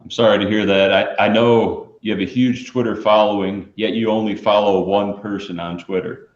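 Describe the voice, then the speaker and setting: A man hosting a live stream, chatting casually and playing along deadpan with the jokes. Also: lowish voice, moderate pace. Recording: echoey, dull lo-fi stream audio.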